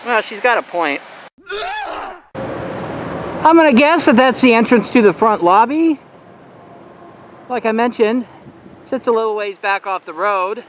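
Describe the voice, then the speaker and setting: A man with an extremely high, expressive voice speaks a little slowly with long pauses, and a faint hiss or hum is audible. He's a YouTube auditor filming on a sidewalk by a road with a handheld camera mic, rambling casually and laughing a lot as he chats to the camera and with an officer.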